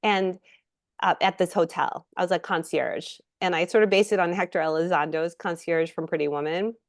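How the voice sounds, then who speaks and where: A middle-aged woman, an actress guest in a casual interview, telling lively stories and acting out quotes. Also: lowish voice, moderate pace, no room sound, studio quality. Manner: animated storyteller, acts out quotes.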